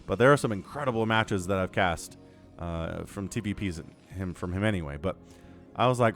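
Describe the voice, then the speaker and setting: Here the same kind of solo esports commentary on a strategy match comes in a low voice at a moderate pace, with faint music playing behind. He rambles along chattily, tossing in jokes as he calls the action.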